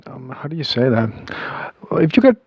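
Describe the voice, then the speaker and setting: A man's voice: medium pitch, big pitch swings, creaky, slightly rough, no echo, rough recording. Rambling man in a put-on accent. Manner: rambling, halting, conspiratorial, self-amused; putting on an unplaced accent. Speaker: comic monologuist. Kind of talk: rambling comic audio message.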